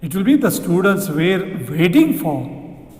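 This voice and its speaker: High-voiced man teaching English, echoey room. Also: big pitch swings, darkish tone. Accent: Indian English. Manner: explains slowly, repeats sentences, asks rhetorical questions. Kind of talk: exam question walkthrough. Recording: echoey room with long reverb.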